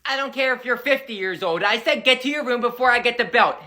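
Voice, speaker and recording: Stern, scolding older grandma a performer puts on, bright tone, for a family comedy skit. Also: medium pitch, fast talker, natural voice. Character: bossy older grandmother who spoils grandkids.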